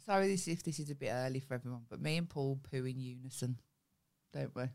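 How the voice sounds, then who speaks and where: A woman's voice: rumbling low, quick pace, darkish tone. A woman co-hosting a comedy podcast, chatting casually, bickering, teasing back and swearing. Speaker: podcast co-host. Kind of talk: casual chat.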